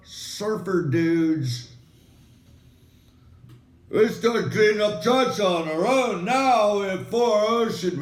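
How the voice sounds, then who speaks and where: Guy with a high voice doing a sarcastic digressive rant, roomy echo. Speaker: comedic weatherman host. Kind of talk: rambling comic monologue. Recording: echoey room.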